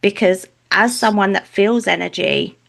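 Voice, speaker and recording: A middle-aged woman guesting on a spiritual podcast, telling lively stories and acting out quotes in a higher voice. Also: a little slow, vocal fry.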